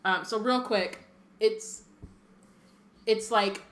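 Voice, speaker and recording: A woman's voice: mid-range voice, drawn-out words, echoey room. A young woman co-hosting a podcast, reading a book aloud with chatty asides. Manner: chatty, laughs often, reads with asides. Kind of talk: casual chat and reading aloud.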